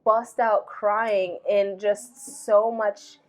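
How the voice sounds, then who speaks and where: A woman in her thirties talks through personal memories on a podcast, reflective and unhurried. She leans on filler phrases as she tells her stories. Her voice sits at an ordinary middle pitch. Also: level tone. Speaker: podcast host. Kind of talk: casual heartfelt conversation.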